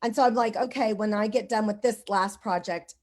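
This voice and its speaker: A woman's voice: medium pitch, fairly quick, darkish tone. A woman hosting a casual online conversation, telling stories in a rambling way with lots of "like" and "you know".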